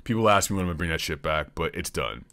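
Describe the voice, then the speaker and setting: A man's voice: low-pitched, expressive, quick pace, a bit bright. A man hosting a comedy podcast, rambling through a profane, jokey monologue. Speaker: podcast host.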